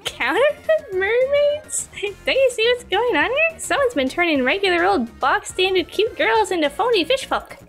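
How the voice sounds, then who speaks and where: A woman's voice: very high voice, sing-song, moderate pace, a bit bright, faint music behind, voice pushed up, full character voice. A woman voicing an indignant young heroine from a game, reading her lines with dramatic, exaggerated outrage. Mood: outraged.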